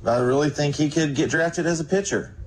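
A man's voice: fairly high pitch, brisk, slight background noise, low-quality recording. A man giving casual, confident analysis as a guest on a sports radio show.

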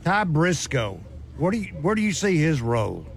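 A man hosting a sports radio show, moving the talk along briskly. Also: a little high, big pitch swings, creaky, slight background noise. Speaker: host.

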